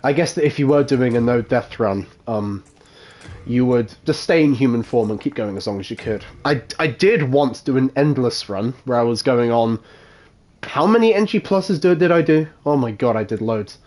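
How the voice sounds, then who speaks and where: A man at an ordinary middle pitch talks casually into his microphone during a live gameplay stream. He rambles, laughs often and swears offhandedly while explaining his moves to viewers. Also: expressive, normal speed, a little mellow. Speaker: game streamer.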